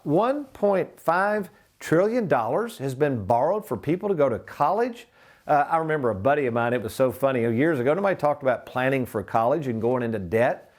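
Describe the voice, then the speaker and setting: A man's voice: mid-range voice, lively intonation, a little fast. A man in his sixties hosting a retirement planning show, talking folksy and walking viewers through numbers. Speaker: financial advisor and show host.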